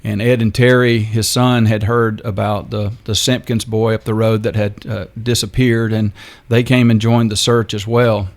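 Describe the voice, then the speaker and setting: An older man, a radio guest telling his story in a halting, unhurried way. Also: lowish voice, little pitch movement. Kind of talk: interview storytelling.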